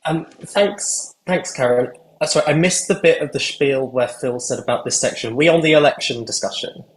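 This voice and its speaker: A man asking a question at a formal meeting over a video call, speaking hesitantly with many pauses and ums. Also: mid-range voice, echoey room, low-quality recording.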